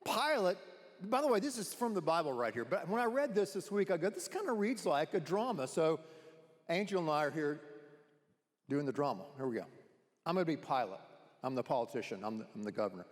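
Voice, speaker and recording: A male pastor preaches in a large church auditorium, chatty and playful, laughing easily as he calls up a volunteer from the audience. His voice is on the high side, animated, and a little fast, carried by the hall's long reverb.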